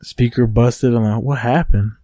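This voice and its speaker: A man's voice: mid-range voice, steady tone, moderate pace, mellow, no echo. A young man co-hosting a casual podcast, loose and profane, often breaking into laughter. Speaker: podcast co-host. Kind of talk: casual chat.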